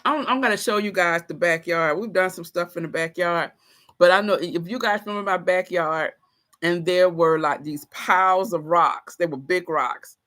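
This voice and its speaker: Livestream host, woman, bright tone, lively storyteller who talks straight to her viewers. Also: on the low side, normal speed. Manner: animated, playful storytelling with frequent laughter. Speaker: livestream host reading chat. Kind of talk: casual livestream chat.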